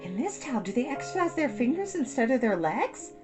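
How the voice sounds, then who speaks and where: A woman's voice: high voice, big pitch swings, a little fast, voice pushed up. A woman voicing an earnest, determined young girl witch in a storybook reading, with guitar music behind. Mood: hopeful.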